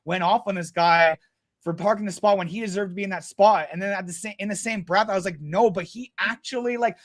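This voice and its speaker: A young man talks in a casual podcast chat, his voice sitting high for a man. He tells his stories bluntly and swears freely. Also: a little fast. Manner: blunt, profane storytelling. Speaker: guest.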